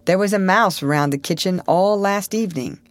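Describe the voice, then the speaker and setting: Lady doing a tired farmer guy, curt, low and dry. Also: normal speed, dry recording, close to an everyday voice. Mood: weary. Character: weary, terse young farmer man.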